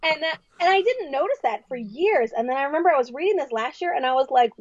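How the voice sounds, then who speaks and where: A young adult woman speaking as a podcast guest in casual, reflective talk, animated and acting out quoted voices. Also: sits high, quick pace, hardly any pauses, no echo. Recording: dry, slightly dull sound.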